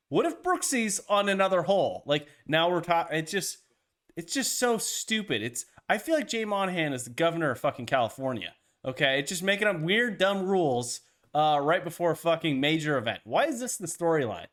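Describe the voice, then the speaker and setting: A man's voice: a little high, very animated, normal speed, fairly bright tone. A man co-hosting a casual golf podcast, ranting with heavy profanity. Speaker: podcast co-host.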